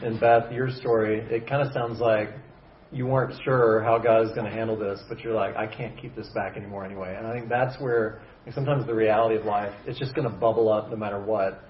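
A man leading a church small group discussion, speaking thoughtfully with halting restarts before closing in prayer. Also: lowish voice. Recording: echoey room, distant dull mic, faint noise.

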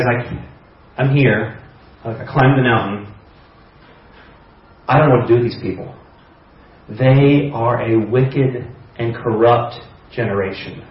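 A man speaking as a weary old prophet who despairs of his people, halting and complaining in a tired monologue. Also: medium pitch, pitched below the performer's own voice, natural voice. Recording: echoey hall, distant mic, dull sound.

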